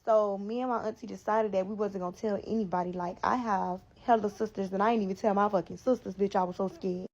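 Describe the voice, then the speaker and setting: A woman in her twenties with a South Florida accent, telling a personal story in an animated, profane and slangy way as a podcast guest. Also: medium pitch, quick pace, hardly any pauses. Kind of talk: casual storytelling.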